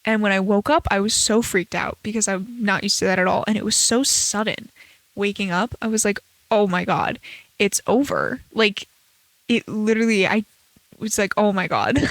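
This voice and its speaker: A woman's voice: medium pitch, normal speed, dry recording. A young American woman in her early twenties, hosting her own podcast, chatting in a rambling way with lots of fillers and playful acted-out quotes. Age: around 20. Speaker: podcast host, college student. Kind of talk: casual solo podcast chat. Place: bedroom at home.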